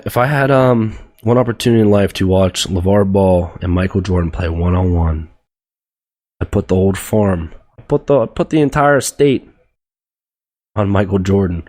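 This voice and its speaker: A man's voice: medium pitch, a little mellow. A young man hosting a solo sports podcast, ranting bluntly and profanely about teams, players and the media. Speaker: podcast host.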